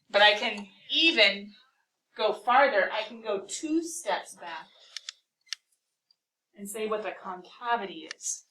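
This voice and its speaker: Bright-voiced woman teaching calculus. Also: medium pitch, recorded from a distance, slight background noise, rough recording. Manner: energetic, quizzes the class with quick questions. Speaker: math teacher. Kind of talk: classroom calculus lesson. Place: classroom.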